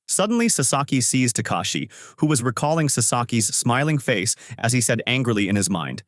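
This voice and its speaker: A man narrating a manga story recap in a plain, even storytelling manner. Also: lowish voice, normal speed, few pauses, no echo, studio quality.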